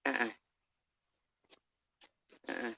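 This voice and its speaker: A woman livestreaming an angry, profane rant, confronting her critics head-on. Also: slow. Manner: heated, profane, confrontational, addresses critics directly. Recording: dull lo-fi stream audio.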